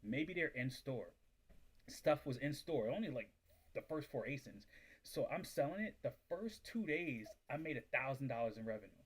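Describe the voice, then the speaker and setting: Animated man telling a story on stream. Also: mid-range voice, normal speed, breathy edge. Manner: animated, acts out quoted voices, heavy use of "like". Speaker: reselling business livestream host. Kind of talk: casual storytelling livestream.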